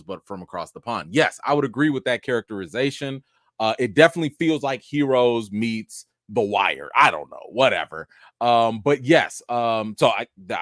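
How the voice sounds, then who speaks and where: A man hosting a casual live stream, teasing viewers with loud mock outrage and slangy talk. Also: no room sound, studio quality. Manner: animated, teasing, swings between loud mock outrage and low mumbling; slangy casual speech with frequent restarts. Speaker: host of a live chat show.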